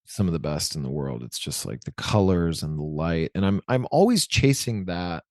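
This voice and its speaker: Interview guest, man, 40s: loose, meandering chat, low register, dry close mic. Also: very animated, normal speed, darkish tone, no room sound. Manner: rambling, self-correcting, many likes.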